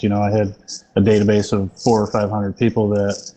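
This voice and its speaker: Male real estate agent on a panel; low, even delivery, thoughtful pacing with restarts. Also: low-quality recording. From small rural county. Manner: reflective, measured, many restarts. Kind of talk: panel discussion answer.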